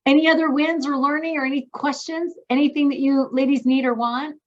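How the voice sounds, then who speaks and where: A woman's voice: sits high, steady tone, fairly quick. Woman coaching on a dull video call. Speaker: coach leading a group call. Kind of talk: encouraging coaching talk.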